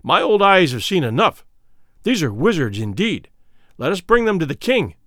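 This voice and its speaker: A man's voice: fairly high pitch, sing-song, moderate pace, fairly bright tone, no room sound, studio quality. A man doing a grave old tribal elder. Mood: hasty. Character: aged tribal elder, cautious, wary.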